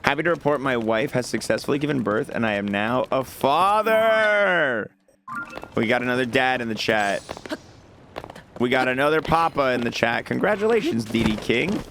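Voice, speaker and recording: A man's voice: mid-range voice, lively intonation, moderate pace, fairly bright tone, a little hiss or hum. A young man streaming a game, chatting casually and reading out messages from his chat in an upbeat, jokey way. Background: game music.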